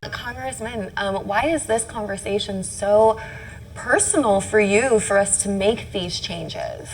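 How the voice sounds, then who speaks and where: A woman moderates a panel discussion as a reporter, with a mid-range voice. She sounds polite and gracious, and a faint low rumble runs behind her. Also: measured pace, low-quality recording.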